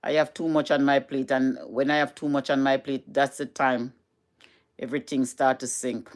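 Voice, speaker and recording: A woman's voice: rumbling low, little pitch movement, moderate pace. A middle-aged Jamaican woman with a Jamaican accent, chatting casually to camera in a vlog from home, repeating herself and slipping into patois. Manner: chatty, repetitive, switches into patois. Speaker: vlogger.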